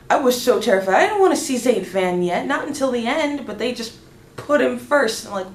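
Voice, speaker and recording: A young woman vlogger excitedly telling a story, gushing and tripping over her words as she goes. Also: a little high, a little fast. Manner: gushing, restarts often, lively. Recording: roomy echo, faint background ambience.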